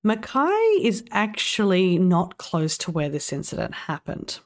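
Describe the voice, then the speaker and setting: A woman's voice: lowish voice, wildly swooping pitch, unhurried, a little mellow. A woman co-hosting a podcast, casually telling a story, swearing now and then and laughing along. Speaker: podcast co-host.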